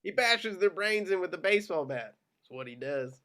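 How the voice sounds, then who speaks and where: A man with a high, bright and forceful voice reads a tough officer's lines. His delivery drawls and threatens. It sounds like a script reading. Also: lively intonation, normal speed. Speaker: reader of Aldo.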